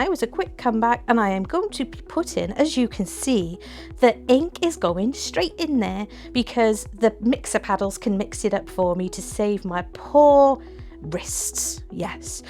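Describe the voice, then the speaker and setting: A woman with an excitable, gushing manner, chatting casually through a resin craft tutorial at home. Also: medium pitch.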